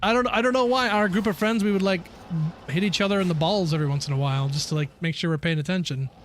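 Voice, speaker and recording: A man's voice: sits high, quick pace, slight background noise. A man streaming a game, chatting casually and laughing through rambling, profane stories. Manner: rambling, laughing storyteller who swears freely. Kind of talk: casual live-stream chat.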